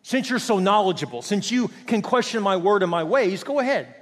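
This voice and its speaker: A preacher acting out a stern, challenging God. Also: male voice, high voice, very animated, brisk, voice pushed up. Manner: forceful, raised and emphatic. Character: stern, challenging male God questioning mortals. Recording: long hall reverb.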